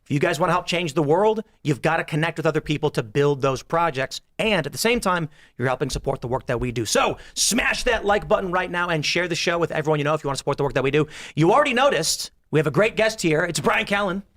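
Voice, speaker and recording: A man's voice: on the high side, animated, fairly bright tone. A man hosting a podcast panel, chatting casually and joking as he reads out news. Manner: joking, riffing, quick asides. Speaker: podcast host.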